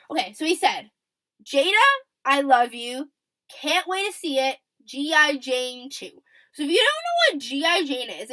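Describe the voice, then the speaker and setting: A woman's voice: high-pitched, fairly bright tone, rough recording. A young adult woman hosting a casual commentary podcast, chatty and checking in often with "okay?" while acting out what people said. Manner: acts out quoted lines and laughs. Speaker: podcast host.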